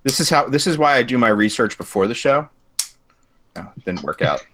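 A man's voice: medium pitch, big pitch swings, brisk, a bit bright, a little hiss or hum. A man hosting a podcast in a casual chat, joking with his guests and laughing often. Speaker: podcast host.

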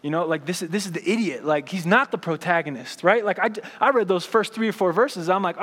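A man's voice: high voice, fairly quick, hardly any pauses, fairly bright tone, long reverb tail. A man preaching a sermon as pastor in a casual, conversational way, often asking "right?" to the congregation.

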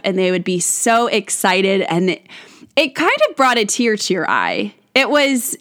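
A woman's voice: medium pitch, very animated, moderate pace, a bit bright. A woman hosting a podcast in a casual solo monologue, rambling with many restarts and frequent laughs. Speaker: podcast host.

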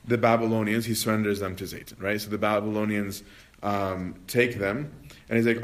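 A man giving a casual spiritual lecture to a study group, talking conversationally, often checking in with "right?" and filling pauses with "um". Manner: conversational, keeps asking "right?", frequent "um"; acts out quotes with expressive swings in pitch and volume. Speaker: religious study group leader.

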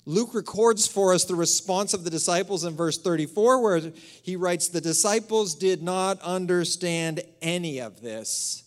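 A man, a pastor delivering a sermon in a church, who preaches with energy and drops to a hushed, breathy emphasis on key phrases. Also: high voice, measured pace, hardly any pauses. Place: church sanctuary.

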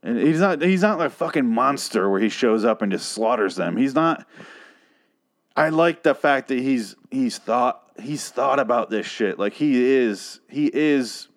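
A man hosting a podcast, recapping a TV episode in a rambling, profane, animated way. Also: mid-range voice, unhurried. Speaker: podcast host.

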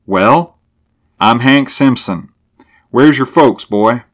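A stern old bearded backwoods elder with a gruff, flat way of talking, put on by a man reading the story. The voice sits somewhat raised and loud against the narrator's low tone. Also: slow.

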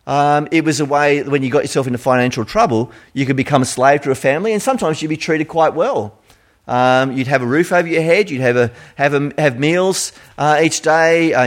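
A middle-aged Australian man giving a sermon in a conversational style, full of rhetorical questions. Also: on the high side. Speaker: preacher.

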